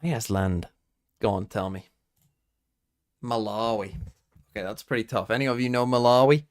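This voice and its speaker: A man's voice: mid-range voice, fairly even intonation, normal speed. Young British guy streaming, keyboard clicks behind, casual and sweary, thinks aloud. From Britain. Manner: swearing, quizzing himself aloud and talking to chat. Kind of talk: casual live-stream chat.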